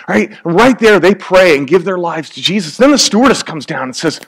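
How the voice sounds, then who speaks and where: Man, sermon, conversational, joking, slightly high voice. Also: animated, fast, a bit bright, slightly rough. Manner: conversational, joking, acts out little scenes. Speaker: preacher.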